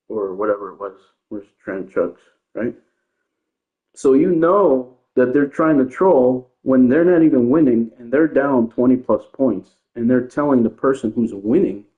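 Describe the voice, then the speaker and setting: Male gamer ranting, rambling and defensive, tinny phone-quality audio. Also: mid-range voice. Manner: rambling, defensive, repeats himself. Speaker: gaming streamer. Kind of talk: casual ranting commentary. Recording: tinny phone-like sound in an echoey room.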